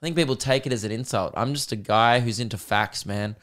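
Fairly quick and fairly bright in tone, this medium-pitched male voice comes from an Australian podcast host in his twenties. His casual chat takes the form of laid-back, self-mocking storytelling.

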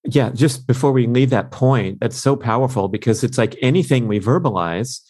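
A man hosting a podcast interview, enthusiastic and casual, recapping his guest's points with quick asides. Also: medium pitch, a little mellow. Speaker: podcast host.

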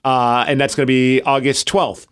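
A Pacific Northwest man in his forties co-hosts a podcast, telling a story in casual conversation and performing the lines he quotes. His voice is clear and resonant, medium in pitch, at a moderate pace.

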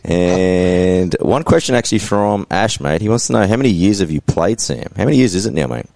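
Man, podcast host, very deep voice, dry close sound, relaxed banter. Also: brisk, vocal fry, no room sound. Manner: laid-back, laughs often, calls people mate. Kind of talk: casual fantasy sports chat.

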